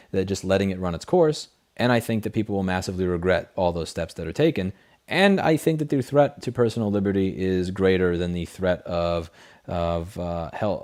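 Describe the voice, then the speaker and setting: A man's voice: on the low side, darkish tone. A man hosting a casual late-night livestream, reading chat questions and answering in a blunt, profane, rambling way through a desk microphone.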